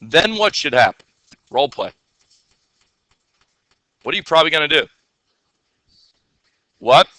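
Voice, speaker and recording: A man's voice: a little high, big pitch swings, a little slow, long pauses, pushed and bright, no room sound. A man teaching a classroom coding lesson, asking his students questions and answering them himself.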